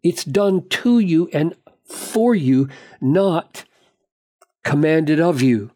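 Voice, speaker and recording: Slow, emphatic man teaching scripture. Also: a little high, animated, warm tone. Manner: emphatic, slow and deliberate with sudden bursts of speed on quotations. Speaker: preacher. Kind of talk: expository Bible teaching.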